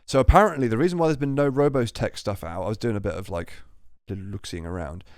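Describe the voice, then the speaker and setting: Young man, low pitch, dry close mic, rambling swearer. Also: fast, dry recording. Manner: rambling, restarts often, swears casually. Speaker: podcast co-host. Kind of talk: casual chat.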